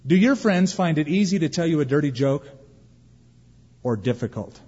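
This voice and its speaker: A man delivers a sermon with emphasis, pausing and asking rhetorical questions. His voice sits a little high and sounds husky. It rings with a long reverb, as in a big church hall. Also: lively intonation, a little mellow, highs cut off. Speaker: pastor.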